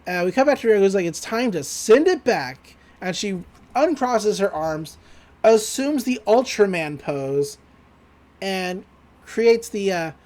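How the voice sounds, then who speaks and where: A podcast co-host recaps an episode casually, retelling scenes and quoting characters in lively put-on voices. The delivery is loose and profane, with frequent laughter, in a mid-range voice.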